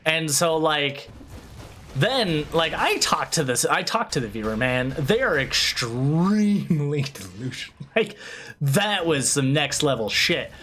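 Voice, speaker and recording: A man streaming a video game, ranting in a loose, animated way, swearing freely and often restarting his sentences. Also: on the high side, a little slow, a little hiss or hum. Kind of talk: casual livestream chat over gameplay.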